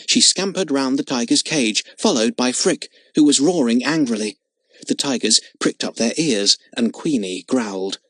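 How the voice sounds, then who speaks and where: A man's voice: mid-range voice, no room sound. Man reading a children's storybook aloud. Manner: expressive, dramatic reading. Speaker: audiobook narrator. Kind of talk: storybook narration.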